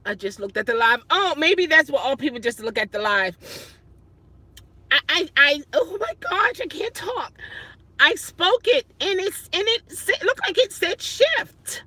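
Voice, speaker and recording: A woman's voice: sits high, very animated, a little slow, bright, forceful tone, no echo. A woman rideshare driver chatting casually on a phone livestream from her parked car at night, flustered and exclaiming often. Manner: flustered, exclaiming and laughing at herself.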